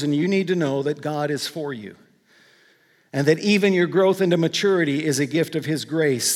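Earnest man preaching in a reverberant hall. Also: a little high. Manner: earnest, rising emphatic preaching that softens into quiet prayer. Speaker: pastor. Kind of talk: sermon ending in prayer. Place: large church hall.

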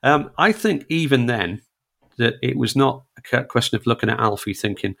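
A man from northeast England, a guest reviewing films in a relaxed, chatty radio talk. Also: mid-range voice, moderate pace, gravelly. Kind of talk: casual radio chat.

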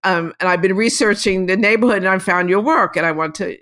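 A woman's voice: mid-range voice, a little fast, a bit bright, natural voice. Woman putting on an eager French filmmaker guy. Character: friendly male French filmmaker, eager club owner.

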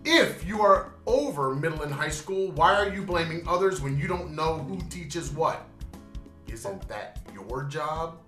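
Blunt, animated man in a roomy space. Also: on the high side, measured pace, soft background music. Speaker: podcast co-host, teacher. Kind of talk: casual chat.

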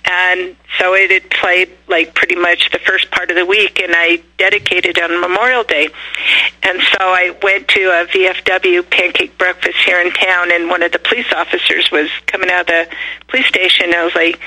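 Older woman, radio guest, lively storytelling, very bright sharp tone, acts out dialogue. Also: lowish voice, moderate pace, poor audio. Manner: animated, acts out quoted dialogue. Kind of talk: casual storytelling.

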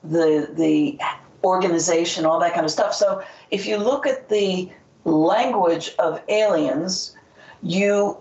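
A woman's voice: fairly low pitch, a little mellow. Rambling woman guest in a roomy distant recording. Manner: rambling, hesitant, many fillers and restarts. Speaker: author and interview guest. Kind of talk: casual interview talk. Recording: distant, roomy, dull audio.

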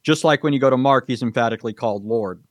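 A man's voice: mid-range voice, fast talker, no room sound. A man answering questions in a formal debate, precise and lecturing, citing verses and Greek grammar. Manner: precise, lecturing, cites scripture references.

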